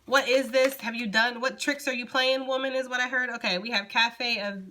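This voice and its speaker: Woman tarot reader, young, loose and chatty, bright forward tone, faint hiss behind. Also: a little high, fairly even intonation, moderate pace. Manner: chatty, loose, talks straight to viewers. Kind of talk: casual tarot reading to camera.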